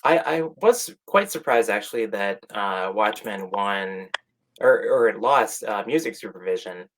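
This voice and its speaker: A man giving quick, conversational takes on awards results in a casual panel chat. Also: fairly low pitch, expressive, a little hiss or hum. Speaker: awards pundit.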